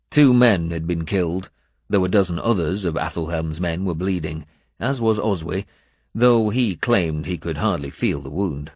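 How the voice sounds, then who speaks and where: A man reading a first-person adventure story aloud in a measured storytelling manner. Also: low-pitched, a little mellow, no room sound, clean studio sound. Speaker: audiobook narrator. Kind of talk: first-person scripted narration.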